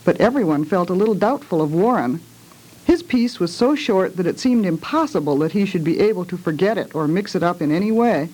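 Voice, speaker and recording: Read-aloud storyteller, measured, mid-pitched voice, small hesitations in asides. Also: expressive, a little mellow, poor audio. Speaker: parent reading children's books aloud.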